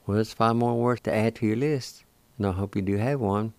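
A man with a Cherokee accent hosting a radio language lesson, slowly spelling words out letter by letter and pronouncing each syllable. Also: on the low side, a little mellow, no echo. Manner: slow, deliberate, spelling letter by letter. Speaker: radio language program host. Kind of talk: slow spelled-out pronunciation lesson.

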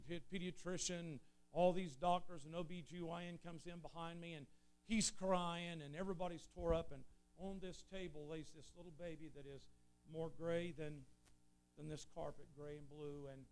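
A preacher telling an earnest story in a sermon, swelling loud and then dropping low. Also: male voice. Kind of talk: sermon testimony.

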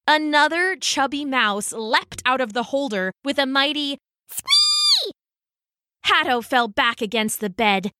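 A woman narrating a storybook aloud with a lively, swooping melody and a slow, unhurried pace. Her voice is bright and clear, recorded dry and close. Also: a little high.

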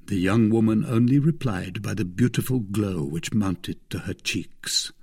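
A man narrating a classic novel in a measured storytelling manner. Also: lowish voice, gravelly, darkish tone, husky. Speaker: audiobook narrator. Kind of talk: scripted narration.

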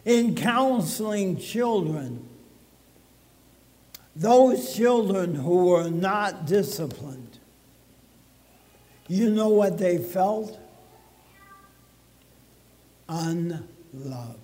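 Slow, high-voiced preacher in a reverberant church. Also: male voice, lively intonation, darkish tone. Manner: slow, deliberate preaching with dramatic pauses. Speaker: pastor. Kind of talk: sermon. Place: church sanctuary.

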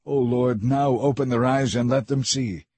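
A man reading the lines of a calm, commanding old prophet in a scripture story. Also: medium pitch, normal speed, slightly rough.

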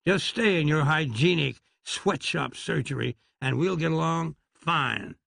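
Man playing a croaking, threatening Western sheriff, gravel-filled and dry. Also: fairly high pitch, unhurried, fairly bright tone, no echo, heavily acted. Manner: threatening and curt. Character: gruff, croaking Old West sheriff, man.

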